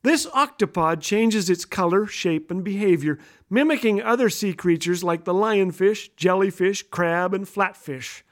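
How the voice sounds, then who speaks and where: A man's voice: high voice, a little slow, few pauses. A middle-aged man hosting a humorous radio talk, telling stories playfully and laughing at his own jokes. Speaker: radio host. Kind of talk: humorous storytelling monologue.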